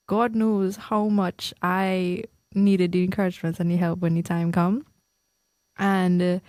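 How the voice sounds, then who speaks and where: A young Trinidadian woman with a Trinidadian accent co-hosts a podcast, chatting casually, laughing often, and speeding into quick bursts when excited. Her mid-range voice is creaky, and the recording has no echo.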